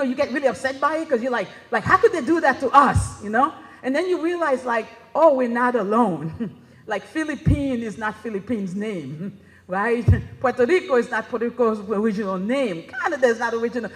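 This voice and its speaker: A woman's voice: on the high side, a bit bright. A woman giving a conference presentation in a chatty, conversational way, often checking in with "right?". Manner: conversational, keeps asking "right?". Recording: reverberant hall.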